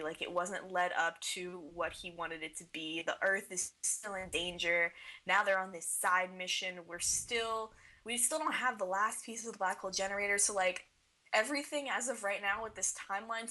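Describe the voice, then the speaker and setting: A woman's voice: medium pitch, pushed and bright, rough recording. A young woman co-hosting a fan podcast, talking emotionally about a cartoon episode with lots of "like". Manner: gushing, emotional, fillers of "like". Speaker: podcast co-host. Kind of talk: casual fan podcast chat.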